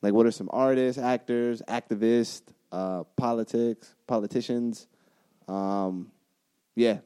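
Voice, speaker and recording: A man's voice: mid-range voice, fairly even intonation, slow pace, dark tone, smooth. A young man co-hosting a podcast in an easygoing, casual way, often hesitating and searching for words. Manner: easygoing, hesitant, many fillers. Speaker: podcast co-host.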